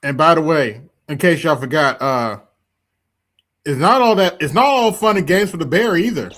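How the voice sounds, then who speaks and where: A man's voice: on the high side, animated, normal speed, fairly bright tone. A man hosting a livestream, talking emphatically and repeating his points straight to his audience. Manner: emphatic, repetitive, addresses audience directly. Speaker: streamer host. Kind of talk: casual commentary livestream.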